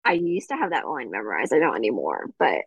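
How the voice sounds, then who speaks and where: A woman's voice: rumbling low, huge pitch swings, fast, slightly rough, no room sound. A young woman with a Southern California accent, co-hosting a podcast in a chatty, casual way full of fillers and restarts. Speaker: podcast co-host. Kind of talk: casual chat. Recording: dry, slightly dull lo-fi audio.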